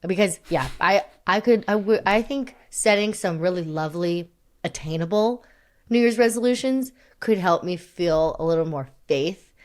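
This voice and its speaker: Young woman, podcast co-host, casual rambling chat, frequent laughs, slightly low voice. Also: moderate pace. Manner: rambling, self-deprecating, laughs often.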